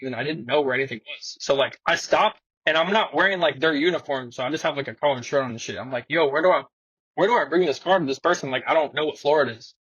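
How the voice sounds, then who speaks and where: A young man with a slightly high, husky voice rattles through a story in heavy street slang, swearing freely and putting on other people's voices as he goes. The recording is dull and close, with no room sound at all, like a muffled studio mic. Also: fast talker, no room sound. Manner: slangy, animated, swears a lot, acts out quotes. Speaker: guest skateboarder. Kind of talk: casual storytelling.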